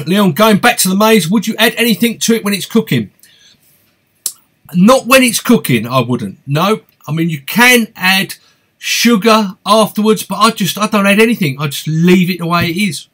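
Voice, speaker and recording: A fishing channel host with an East London accent chats cheerfully while running a live Q&A stream, reading viewer comments and greeting people by name. His voice is high for a man, husky and a bit bright, at a normal speed with lively intonation.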